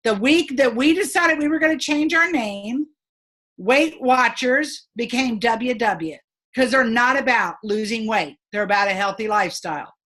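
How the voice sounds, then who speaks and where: High-voiced upbeat woman coaching a sales team. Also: normal speed, fairly bright tone. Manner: upbeat, emphatic, chatty; laughs between points. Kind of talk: motivational training talk.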